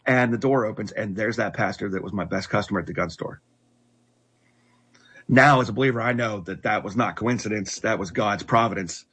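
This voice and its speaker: A middle-aged man earnestly telling his life story in conversation, halting and restarting often. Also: lowish voice, a bit bright, husky. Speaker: guest telling his testimony.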